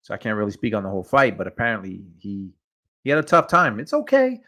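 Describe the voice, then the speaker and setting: Host: a man with a lowish voice, loose chatty delivery. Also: quick pace. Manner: relaxed, rambling, chuckles often. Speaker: boxing show host. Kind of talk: casual boxing chat.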